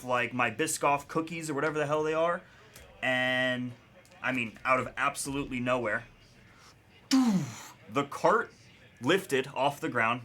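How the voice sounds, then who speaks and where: A young man hosts a live card break, chatting casually and telling a story while opening cards. His voice is a little high, bright, and forceful, and he laughs often and calls out the names of pulled cards.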